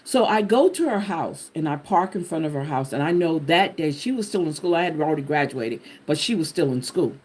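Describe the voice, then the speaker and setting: A woman host telling a personal testimony to her viewers in an animated, expressive way, talking to them directly. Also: low voice, fairly quick, few pauses, husky. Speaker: channel host sharing a personal story.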